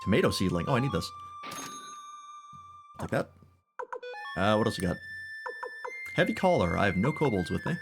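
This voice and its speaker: A man's voice: on the low side, very animated, moderate pace, gravelly, pauses often. A man giving casual, irreverent let's-play commentary while playing a game. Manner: joking, irreverent. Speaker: gaming streamer. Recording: game music behind voice. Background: game music.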